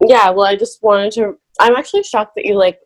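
A woman's voice: mid-range voice, brisk. A woman guest on a podcast in casual chat, giggly and laughing often. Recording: noisy home recording.

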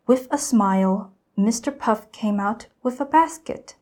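A teenage student girl reading a children's storybook aloud, careful and expressive. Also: on the high side, unhurried. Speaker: student reader.

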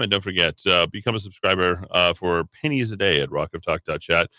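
Talk radio host, man, low voice with a crisp forceful edge, rambling delivery from the studio. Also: brisk, hardly any pauses, dry recording. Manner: rambling, many hesitations and restarts. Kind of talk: opinionated talk radio monologue.

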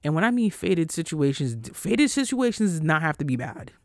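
A man in a solo podcast, speaking casually, bluntly and with lots of swearing. His voice sits a little higher than most men's, and it is recorded close and dry, with no room sound. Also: a little fast, no room sound. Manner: blunt, profane, animated pep talk. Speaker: podcast host.

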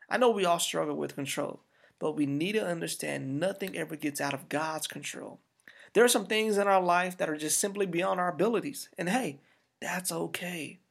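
A man's voice: sits high, moderate pace, vocal fry, fairly bright tone. A man preaching a sermon as pastor, talking to the congregation in a conversational, emphatic way.

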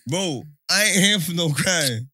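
A man teases his co-host, dropping quick jokes into the chat in a bright, slightly higher voice that moves around a lot. He is recorded close and dry. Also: expressive, no echo. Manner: teasing, interjecting banter. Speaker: podcast co-host. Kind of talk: casual chat.

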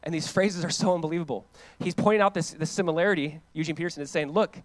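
Animated pastor preaching. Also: male voice, on the high side, fast, no echo. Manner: animated, conversational preaching with sudden drops to quiet emphasis. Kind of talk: sermon.

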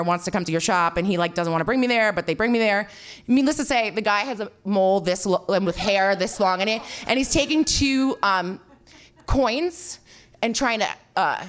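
A woman telling a personal story, animated and self-mocking, swearing freely and filling her talk with "like". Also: medium pitch. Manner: animated, swearing, heavy filler "like"; self-mocking, frequent laughter.

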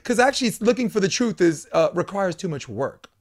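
A man, a volleyball coach, telling a long animated story in a casual chat, acting out what people said. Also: high-pitched, a little fast. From United States. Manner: animated storyteller, acts out quoted lines. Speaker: podcast guest, volleyball coach.

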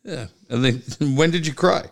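A man's voice: on the high side, normal speed, vocal fry. A man co-hosting a podcast, teasing and wisecracking in casual chat. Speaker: podcast co-host.

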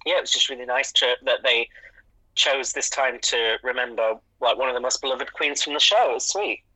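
A man's voice: medium pitch, brisk, sharp tone, no room sound, rough recording. A man co-hosting a podcast in casual chat, chatty and jokey with casual swearing. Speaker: podcast co-host.

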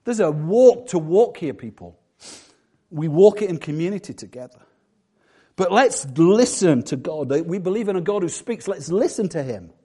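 High-voiced male pastor preaching. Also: big pitch swings, normal speed, mellow, breathy edge. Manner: conversational, self-deprecating preaching. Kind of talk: sermon.

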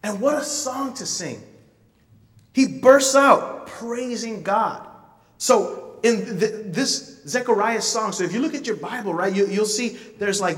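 A man preaching a sermon, telling a story in an animated way with playful asides. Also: on the high side, recorded from a distance. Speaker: pastor. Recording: reverberant hall from off-mic.

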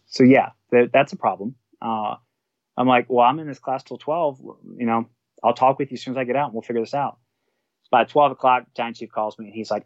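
A man's voice: medium pitch, a little fast, no echo, highs cut off. A man, a fire captain, telling a workplace story in a casual way, acting out what others said and swearing now and then. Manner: animated, acts out quotes of others, swears.

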